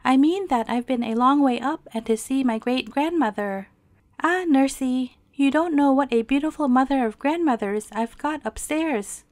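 A woman's voice: sits high, normal speed, a little mellow, dry recording, clean studio sound, close to an everyday voice. A woman reading aloud and voicing an earnest, easily hurt young princess girl in a pleading, indignant way.

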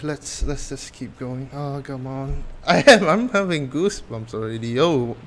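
A man's voice: medium pitch, measured pace, few pauses, slight background noise. Jittery, swearing man playing a horror game. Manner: nervous, jokey and profane, rambling. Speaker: gameplay channel host. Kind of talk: casual let's-play commentary.

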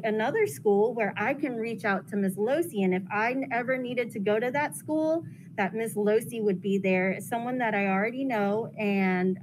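A woman school counselor, gently talking children through their feelings. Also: medium pitch. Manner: gentle, explains feelings simply with fillers. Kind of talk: classroom guidance talk to children. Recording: noisy classroom recording.

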